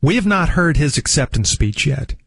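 A man's voice: fairly high pitch, sing-song, moderate pace, vocal fry, a bit bright, slightly rough, dry recording. Man hosting a radio talk show. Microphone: studio microphone.

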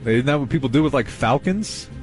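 A man's voice: mid-range voice, lively intonation, a little fast, soft background music. A man hosting a radio show, bantering and arguing playfully with his co-hosts. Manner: playful, joking, argumentative.

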